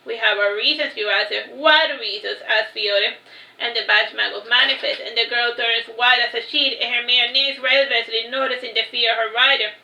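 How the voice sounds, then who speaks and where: Bright-voiced woman reading her story. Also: a little high, little pitch movement, normal speed, creaky. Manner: unpolished reading with self-corrections. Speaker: author reading her own book. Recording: roomy echo.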